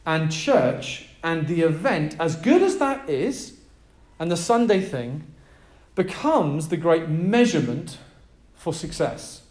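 High-voiced man preaching in an echoey room. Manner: emphatic, energetic preaching with audience prompts. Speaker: pastor. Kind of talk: sermon to a live group. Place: room with a gathered group.

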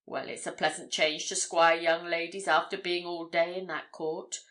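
A woman reading the part of a genial male police detective who talks in a brisk, jovial, commanding way. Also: lowish voice, flat delivery, bright, forceful tone.

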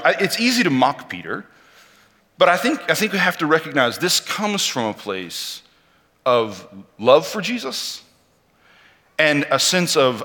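A man preaching a sermon with a lively, swinging delivery that acts out each quote. His voice is bright and forward. It rings with the long reverb of a large hall. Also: on the high side, a little slow. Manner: animated storytelling with acted quotes.

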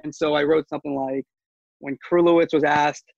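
A man's voice: fairly high pitch, level tone, fairly quick, gravelly, a little mellow, dry recording, muffled recording. A man who works as a sports media reporter, talking casually in an interview, rambling with many fillers and restarts.

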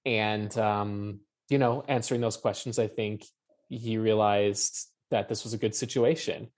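A man's voice: lowish voice, fairly even intonation, a little slow, a little mellow. A man being interviewed as a playwright, talking passionately and casually, with many fillers and the odd swear word. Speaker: playwright guest.

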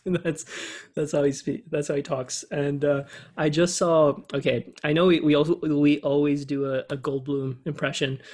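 A man co-hosting a movie podcast in loose, casual chat. His fairly high voice is husky, and he rambles along with plenty of hesitations. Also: level tone, normal speed, darkish tone. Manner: rambling, hesitant, many fillers and laughs. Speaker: podcast co-host.

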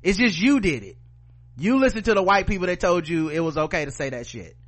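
A man's voice: high voice, lively intonation, fairly quick, fairly bright tone. A man with a Southern US accent co-hosting a podcast, ranting heatedly and sarcastically, swearing often and reading news aloud. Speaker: podcast co-host. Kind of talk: profane opinion podcast rant.

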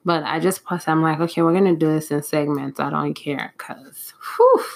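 A woman hosts a casual solo podcast, rambling from point to point and restarting her sentences. She sounds flustered and frustrated, and her speaking voice sits on the lower side. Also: moderate pace, creaky. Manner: rambling, scattered, restarts often. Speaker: podcast host.

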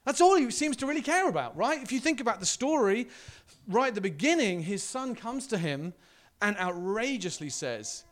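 A male pastor preaching a sermon in a church, telling the story in an animated way and acting out the quotes. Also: high-pitched, normal speed.

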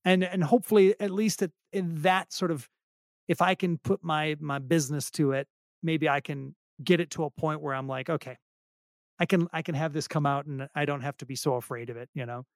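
A man's voice: fairly high pitch, fairly even intonation, fairly quick, dry recording, clean studio sound. A middle-aged man talking casually as an interview guest, self-deprecating and rambling with many restarts. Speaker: podcast guest, singer-songwriter.

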